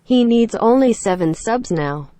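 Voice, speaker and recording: A woman reading out viewer chat messages in an even, flat delivery. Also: fairly high pitch, measured pace, no room sound.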